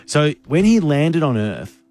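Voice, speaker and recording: A man's voice: a little high, very animated, unhurried, darkish tone. A man co-hosting a radio show, telling stories in playful, laughing banter.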